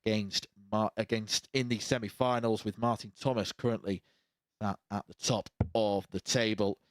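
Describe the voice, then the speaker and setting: A man presenting a darts match, measured as he lays out what each player needs. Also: on the low side, steady tone, no echo. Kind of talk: sports presenting.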